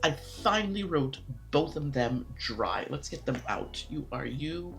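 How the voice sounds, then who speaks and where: A woman's voice: extremely low pitch, lively intonation, a little slow, gravelly, hardly any pauses, soft background music. A woman talking casually to camera about her pens and inks, chatty and rambling, often correcting herself. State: out of breath. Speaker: pen and ink vlogger.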